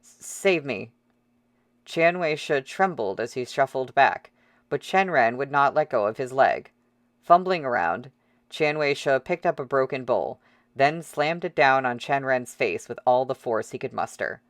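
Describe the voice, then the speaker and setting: A man reading a novel aloud as audiobook narrator, steady and dramatic. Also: mid-range voice, moderate pace, no room sound.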